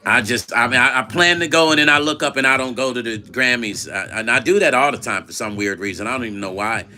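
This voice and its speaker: A man's voice: mid-range voice, quick pace, pushed and bright, soft background music. A middle-aged man hosting a casual livestream, telling a story in quoted back-and-forth dialogue and reading viewer chat aloud. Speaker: vlog host.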